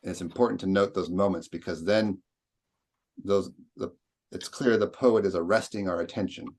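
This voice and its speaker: Low-voiced man leading a poetry seminar. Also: fairly even intonation, normal speed, a little mellow. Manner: thoughtful, recites lines with exaggerated stress. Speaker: lecturer. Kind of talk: seminar discussion.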